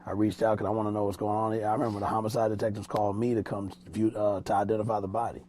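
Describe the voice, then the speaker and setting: A fairly low, level, a little mellow voice comes through rapid-fire from this music producer and mix engineer. In a casual interview in a small studio room, he spins loose, rambling stories with street slang and frequent restarts.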